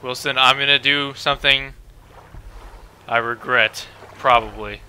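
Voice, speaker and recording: A young man doing excitable gaming commentary at home, swinging into panicked yelling. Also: medium pitch, measured pace, long pauses, slight background noise. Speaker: let's play gamer.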